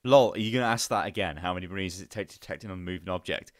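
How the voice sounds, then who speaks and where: A man's voice: deep voice, racing, no echo, clean studio sound. A young man with a headset, hosting a live Q&A in a rambling, profane, casual way. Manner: rambling and profane, with lots of fillers. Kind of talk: casual chat.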